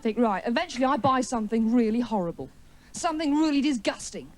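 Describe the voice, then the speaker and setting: Wry, lively-voiced woman doing stand-up. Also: on the high side, fast talker. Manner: chatty, wry self-mocking storytelling; teasing crowd work. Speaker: stand-up comedian. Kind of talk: stand-up routine. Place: TV studio before a live audience.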